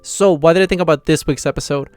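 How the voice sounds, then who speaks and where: Fast-talking man recapping an anime. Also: a little high, darkish tone, dry recording, faint music behind. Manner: rambling recap full of "you know" and "like"; stumbles and restarts on words. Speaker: anime reviewer, channel host. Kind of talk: casual episode reaction review.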